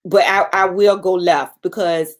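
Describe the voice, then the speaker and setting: A woman's voice: on the low side, fairly even intonation, unhurried. A woman co-hosting a casual live stream, talking in a blunt, protective and irritated way.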